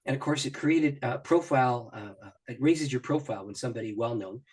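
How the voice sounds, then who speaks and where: A man's voice: medium pitch, brisk, a little mellow, breathy edge. A middle-aged man, a pastor and author, telling personal stories as an interview guest, acting out his own thoughts and laughing often. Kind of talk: animated personal storytelling in an interview.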